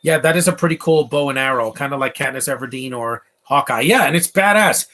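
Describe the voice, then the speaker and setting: A man's voice: medium pitch, brisk, pushed and bright. A man giving casual, rambling live commentary over a movie, opinionated and full of asides and fillers. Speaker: film commentator.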